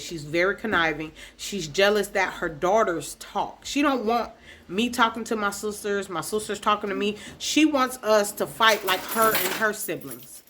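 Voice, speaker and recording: A woman's voice: medium pitch, sharp tone, a little hiss or hum. A woman hosting her own podcast, telling a personal story in a casual, upset way and often speaking straight to her viewers. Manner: dialect grammar, casual slang. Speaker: podcast host.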